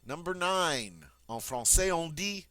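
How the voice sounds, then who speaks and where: A man teaching French pronunciation, repeating each word slowly and clearly before explaining it. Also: fairly high pitch, expressive, pushed and bright, no echo. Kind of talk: pronunciation lesson.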